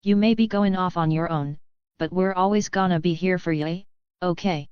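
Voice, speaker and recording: A woman's voice: on the low side, moderate pace, smooth, dry recording, lightly acted. A woman voicing a sassy but tender young Southern woman, drawling her farewell in slang. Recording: dull, dry sound.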